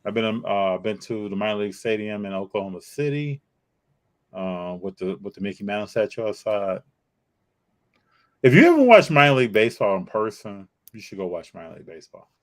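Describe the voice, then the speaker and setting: A man from Chicago co-hosting a casual live-stream chat, animated and reading out viewer comments. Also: on the low side, a little fast. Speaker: co-host.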